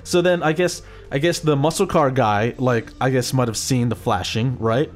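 A man in casual chat, telling road stories in a profane, animated way. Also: medium pitch, normal speed. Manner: profane, animated storytelling with acted-out quotes.

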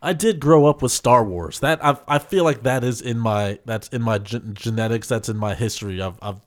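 A man's voice: medium pitch, moderate pace. A man co-hosting a casual podcast, giving showy, repetitive hype intros and laughing often in playful chat. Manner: hyped, showman-like intros with repetition. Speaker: podcast co-host. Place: podcast studio.

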